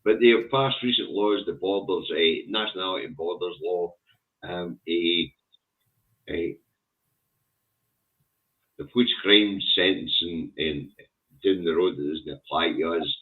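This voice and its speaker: A man joins a casual political chat. He speaks slowly and steadily, with frequent hesitations. His voice is very deep and comes through a thin, phone-like line. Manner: measured, with frequent "eh" fillers.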